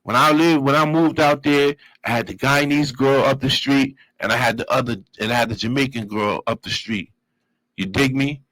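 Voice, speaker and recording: Animated man telling a story. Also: mid-range voice, normal speed, no room sound, low-quality recording. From Brooklyn, New York. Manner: animated, profane street talk with vocal sound effects. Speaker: guest telling his life story. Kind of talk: casual storytelling.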